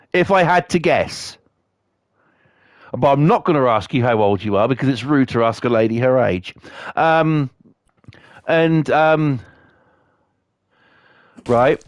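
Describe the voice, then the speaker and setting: A man's voice: a little high, no echo, clean studio sound. Sweary man with a Norfolk accent. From Norfolk, England. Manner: sweary, rambling storyteller. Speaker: game streamer. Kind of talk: casual chat while playing.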